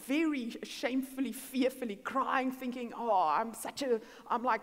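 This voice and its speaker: A woman's voice: a little high, normal speed, few pauses. A middle-aged woman, preaching and telling a personal story in a church. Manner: animated storytelling, acting out dialogue. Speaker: guest speaker. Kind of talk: sermon with personal testimony. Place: church hall. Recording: long hall reverb.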